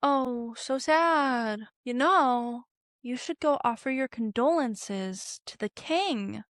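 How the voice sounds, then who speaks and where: A woman's voice: fairly high pitch, takes it slowly, a bit bright, no room sound, studio quality. A woman voicing a sly, scheming older royal adviser, coaxing his daughter along.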